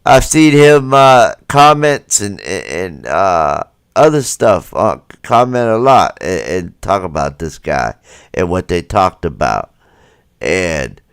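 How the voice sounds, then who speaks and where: Slow, lively-pitched man talking over footage. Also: clear, resonant tone, no echo. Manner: profane, keeps asking the viewer rhetorical questions; acts out the people in the footage in quoted voices. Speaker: livestream host. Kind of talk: casual commentary on video footage.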